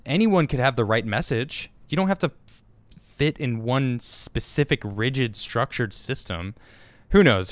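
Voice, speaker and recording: A man in the middle of the pitch range hosts a casual live show, chatting and reacting to viewer comments. His voice is smooth and resonant, he talks haltingly with lots of restarts, and the sound is close and dry. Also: no echo. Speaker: host.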